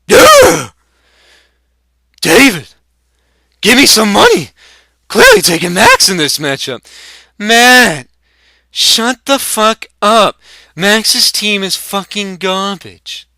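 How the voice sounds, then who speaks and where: A man's voice: high-pitched, sing-song, slow, long pauses, sharp tone, dry recording, clean studio sound, voice pushed up, exaggerated voice. A man putting on a brash, crude young bettor. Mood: heated. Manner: crude insulting trash talk. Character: brash profane young male sports bettor.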